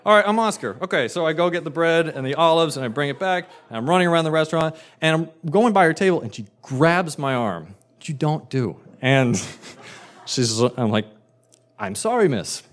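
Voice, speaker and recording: A man telling a funny personal story live, animated and wry, building comic tension. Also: a little high, moderate pace.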